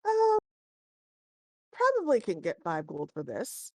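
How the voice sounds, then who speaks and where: A woman's voice: mid-range voice, huge pitch swings, takes it slowly, dark tone, dry recording, studio quality, exaggerated voice. A woman voicing a fussy, easily offended male jewel appraiser who haggles and grumbles in a tabletop game. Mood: appraising.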